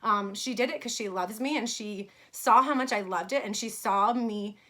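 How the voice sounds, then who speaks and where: A woman's voice: medium pitch, moderate pace, a bit bright. A woman in her thirties from New York, telling a personal story in a casual vlog about her fashion brand, chatty with many fillers.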